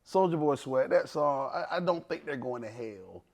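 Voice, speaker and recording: A man's voice: medium pitch, animated, moderate pace, darkish tone. A man in his forties, a pastor, telling stories in a podcast conversation with lots of laughter and acted-out voices. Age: 40s.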